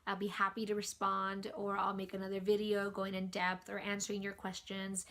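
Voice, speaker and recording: A young woman vlogger recounts a personal story straight to camera in a casual, chatty way. She leans on "like" as a filler constantly. Her voice sits at an ordinary middle pitch for a woman. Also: completely flat delivery, brisk, fairly bright tone. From California.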